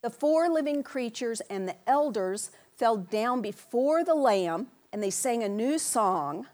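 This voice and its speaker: A woman preaching a sermon in a church, animated and playful, calling out to the congregation in loud bursts and acting out quotes in put-on voices. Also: a little high, a little slow.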